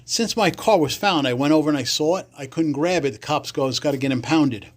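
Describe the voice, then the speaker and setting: A man from the Bronx, a podcast guest telling stories casually, acting out other people's lines with big leaps in pitch and salty language. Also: animated, fairly quick. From the Bronx, New York. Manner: acts out quoted voices with big jumps in pitch, salty language. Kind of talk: casual storytelling.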